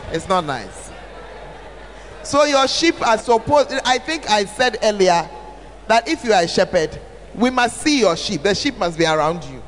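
A woman's voice: medium pitch, a little slow, pauses often, a faint crowd, a little hiss or hum. A woman, a church leader answering questions at a church camp, talking animatedly with emphatic repetition. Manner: animated, emphatic repetition, acts out quoted speech. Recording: reverberant hall.

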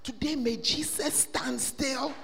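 A man preaching a sermon in a church, swelling into loud, sing-song shouting. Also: very high-pitched, steady tone, slow pace, creaky. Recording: long reverb of a church hall.

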